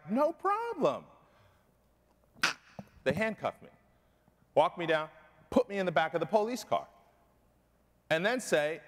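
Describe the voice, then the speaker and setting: A middle-aged man giving a keynote talk, telling a personal story with emphasis and often asking the audience "right?". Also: a little high. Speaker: keynote speaker. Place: large conference hall. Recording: long hall reverb.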